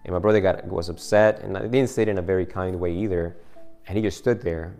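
A man's voice: deep voice, steady tone, quick pace, gravelly, dark tone, soft background music. A man preaching a sermon in a loose, conversational way, often restarting his phrases and chuckling at his own story.

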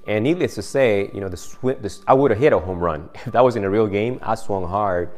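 A man's voice: fairly low pitch, brisk, a little mellow, soft background music. A man preaching a sermon in a loose, conversational way, often restarting his phrases and chuckling at his own story.

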